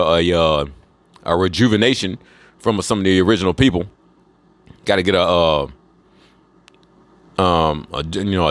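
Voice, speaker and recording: A man's voice: fairly low pitch, no echo, clean studio sound. A man in a casual, rambling monologue, profane and drawling, often trailing off into fillers. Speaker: monologue speaker.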